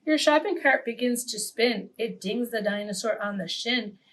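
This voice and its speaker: Brief: a woman reading aloud at story time for little kids, with a fairly high voice, lively, quizzing her listeners. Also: moderate pace, slight background noise. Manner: animated, questioning the listeners. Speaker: children's story reader. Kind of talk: reading a picture book aloud to preschoolers.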